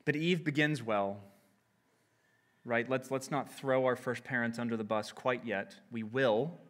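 A man preaching an expository sermon, slow and emphatic, rising sharply in pitch and volume on key phrases. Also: a bit bright.

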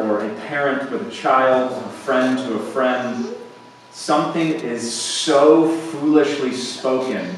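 A man preaching a sermon as pastor, slow and deliberate, swelling to emphatic peaks and then dropping quiet. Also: medium pitch, a little hiss or hum. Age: young adult to middle-aged, father of boys. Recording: echoey hall, speaker far from mic.

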